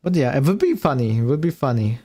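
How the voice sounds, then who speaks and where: A man's voice: medium pitch, very animated, fast, mellow. A man streaming as a VTuber, reacting casually to a video, thinking aloud and laughing often.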